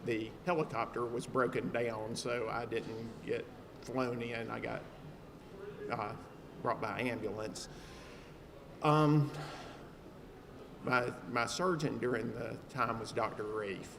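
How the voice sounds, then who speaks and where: A man speaks to a crowd at an event, and the long reverb of a large hall hangs after his words. He tells his story in a relaxed, humorous, chatty way, full of fillers. A faint hum of background noise sits under his mid-pitched voice. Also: creaky. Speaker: trauma survivor speaking at an event. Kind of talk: personal speech to an audience.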